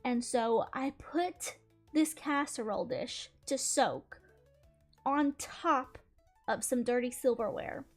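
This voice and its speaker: A young woman with a Southern US accent chats casually to her channel, her voice sitting high. She rambles loosely and fills her sentences with "like." Soft music plays faintly behind her. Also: takes it slowly. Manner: rambling, heavy use of "like" fillers. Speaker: gaming channel host. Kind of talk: casual storytime chat.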